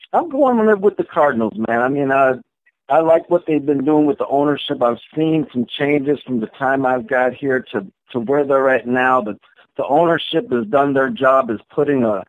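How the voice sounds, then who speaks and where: A man from Minnesota calling in to a sports show, easygoing with frequent restarts. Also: medium pitch. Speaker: caller. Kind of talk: phone call-in chat. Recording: tinny dry phone line.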